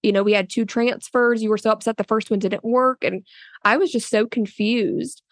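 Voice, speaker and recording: A woman's voice: a little high, fairly even intonation, normal speed, no echo. Earnest woman in a dry recording. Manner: earnest, loose, full of "like" and restarts; often quotes others in a raised voice. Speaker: interviewee, a surrogate. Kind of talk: casual spoken interview.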